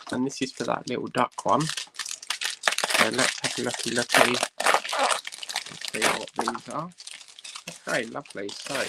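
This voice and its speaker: A man's voice: medium pitch, gravelly, heavy background noise. A man hosting a casual unboxing vlog, chatting and thinking aloud with lots of "right" and "um". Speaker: host.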